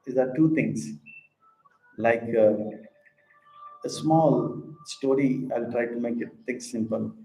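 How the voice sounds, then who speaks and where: A man's voice: mid-range voice, a little hiss or hum. A man teaching scripture as a spiritual teacher, acting out small stories. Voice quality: animated storyteller who acts out characters. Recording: echoey room with faint ambience.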